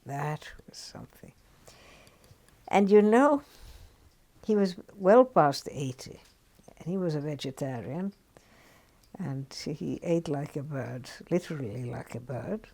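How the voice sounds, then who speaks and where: An older woman telling anecdotes in an oral history interview, lively and given to dropping into hushed asides. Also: deep voice, slow, creaky. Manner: anecdotal, lively, drops to a near-whisper on asides. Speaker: interviewee recounting her career as a journalist.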